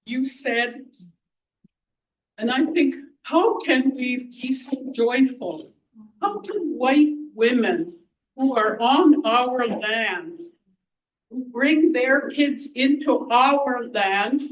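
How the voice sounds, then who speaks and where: A woman speaks at a community gathering in a blunt, angry, outspoken way, talking slowly and stopping often to hunt for the right word. She is heard from some distance, and the recording sounds dull and low-fidelity. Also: slight background noise. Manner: halting, searching for words. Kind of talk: impromptu public speech. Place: community event hall.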